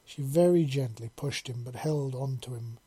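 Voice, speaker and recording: A man narrating a storybook chapter in a calm, unhurried, even way. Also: medium pitch, breathy edge. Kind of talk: storybook reading.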